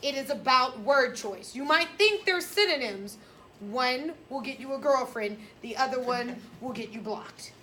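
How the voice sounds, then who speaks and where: A woman teaching a high school English class, lecturing in a blunt, sassy, emphatic way. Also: lively intonation, a little slow, bright, forceful tone, slight background noise.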